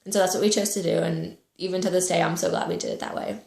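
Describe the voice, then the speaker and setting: A young woman recounts a painful memory, speaking softly and haltingly, pausing often. Her voice sits a little low and has a gravelly fry. The room around her sounds echoey. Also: steady tone. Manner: emotional, halting, soft-spoken. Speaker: vlogger. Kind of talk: personal storytelling.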